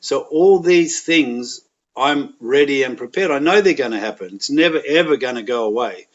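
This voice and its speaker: A man's voice: medium pitch, lively intonation, moderate pace. An Australian man speaking as a podcast guest, telling frank, plain-spoken anecdotes in a candid, conversational way. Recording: dull lo-fi audio.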